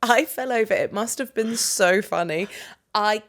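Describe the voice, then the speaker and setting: A woman's voice: mid-range voice, unhurried, a bit bright. A woman co-hosting a casual podcast, chatty and self-mocking as she tells stories. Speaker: podcast co-host. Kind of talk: casual chat.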